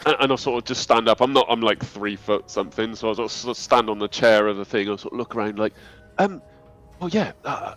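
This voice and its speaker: A man's voice: lowish voice, quick pace, a bit bright, soft background music. A man playing a tabletop game, talking hesitantly with many restarts and a curious tone. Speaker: player.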